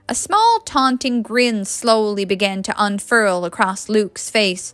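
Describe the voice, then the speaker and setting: A woman reading a story aloud in a steady, expressive storybook narration. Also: mid-range voice, takes it slowly, hardly any pauses, no room sound. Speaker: audiobook reader.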